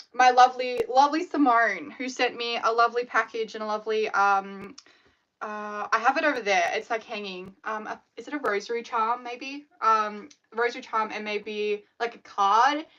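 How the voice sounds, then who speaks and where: A woman, chatting on her live stream in an animated, rambling way full of fillers. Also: on the high side, highs cut off. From Australia. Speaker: scrunchie maker hosting a live stream. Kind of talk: casual live-stream chat.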